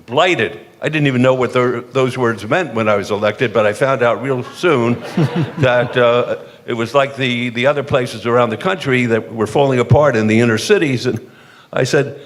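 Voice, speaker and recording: An older man from the eastern United States, a former mayor telling self-deprecating, jokey stories on a panel, with frequent restarts. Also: medium pitch. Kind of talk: humorous anecdotal storytelling on a panel. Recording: long hall reverb.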